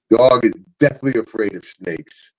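A man's voice: fairly low pitch, measured pace. An older man hosting a podcast, spinning wrestling stories in casual chat, laughing often and acting out the voices. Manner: animated yarn-spinner, laughs through stories, acts out voices. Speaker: podcast host, former pro wrestler. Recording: dull lo-fi audio.

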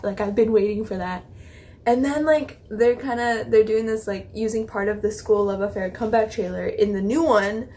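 A young woman hosting a reaction video, gushing and rambling in excited casual chat, swearing and laughing as she talks. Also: medium pitch, normal speed.

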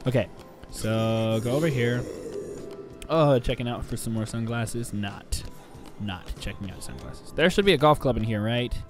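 A man's voice: mid-range voice, moderate pace. Guy rambling and joking over a game, game music going behind him. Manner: rambling, jokey, talks to the game. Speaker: gameplay commentator. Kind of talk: casual let's play commentary.

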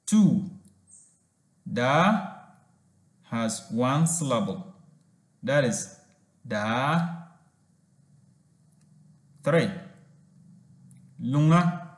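A man giving a language lesson, reading slowly and sounding out words syllable by syllable. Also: medium pitch, roomy sound. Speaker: language teacher.

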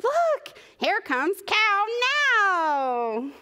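A woman voicing a sensible mouse and pig in a picture book, gently correcting a silly friend. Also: mid-range voice, very animated, takes it slowly. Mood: patient firm. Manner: firm, correcting kindly.

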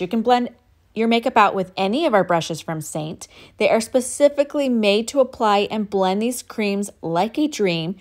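A woman talks through her makeup routine step by step, upbeat and instructive as she works. Her voice sits at an ordinary middle pitch. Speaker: makeup tutorial host.

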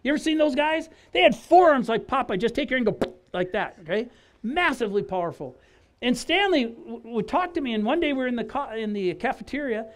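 A man from Wisconsin, USA, shares his personal testimony in a very high voice at a fairly quick clip. He tells it as an animated story, acting out dialogue and restarting his phrases often.

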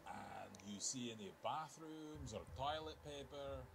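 An actor voices a wry bartender applicant in a video game, a self-styled adventurer spinning tall tales in a dry storyteller's delivery. His voice is medium-pitched and creaky at a measured pace, and the background is noisy.

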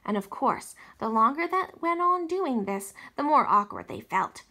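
A woman teacher reading a novel aloud for distance learning, expressive, with small slips and restarts. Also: high-pitched, unhurried.

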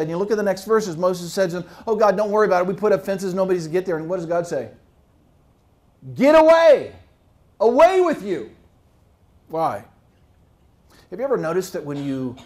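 A male pastor preaching a sermon, animated and full of rhetorical questions to his congregation. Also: high-pitched. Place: church.

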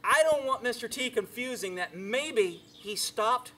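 A man's voice: extremely high pitch, lively intonation, a little slow, a bit bright, slight background noise. A man working as a horse trainer, talking bluntly and sarcastically as he demonstrates outdoors with horses. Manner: brash, sarcastic, scolding. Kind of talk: blunt instructional vlog talk.

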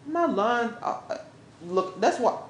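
A woman's voice: a little high, animated, a little slow, a little hiss or hum, pitched below the performer's own voice. Woman doing a stammering, defensive man. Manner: protesting, stammering. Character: accused boyfriend, adult man, defensive. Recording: roomy echo.

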